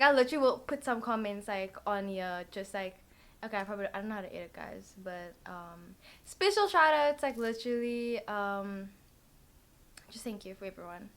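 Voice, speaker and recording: A woman's voice: medium pitch, moderate pace. Young female vlogger, tired, chatty tarot reader who rambles and leans on filler words. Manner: rambling, full of "like" and "literally" fillers. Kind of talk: casual chatty tarot reading.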